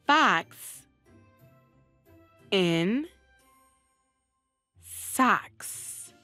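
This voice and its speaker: A woman teaching young children to read, full of encouraging prompts and praise. Her fairly high voice swings up and down expressively and goes very slowly. She sounds close and dry, with light music playing behind. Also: a bit bright, no echo. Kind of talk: reading lesson for young children.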